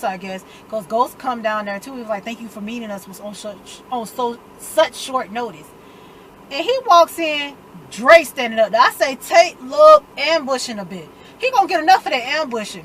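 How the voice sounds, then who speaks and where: A woman recapping a TV episode in casual chat, retelling scenes through animated quoted voices in a dialect. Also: on the high side, slight background noise, poor audio. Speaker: TV recap vlogger.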